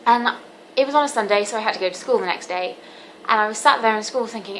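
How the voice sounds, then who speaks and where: A seventeen-year-old woman talking candidly to camera in a personal vlog, earnest and halting with frequent ums. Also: on the high side, fairly bright tone, slight background noise, low-quality recording. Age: teens. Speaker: vlogger.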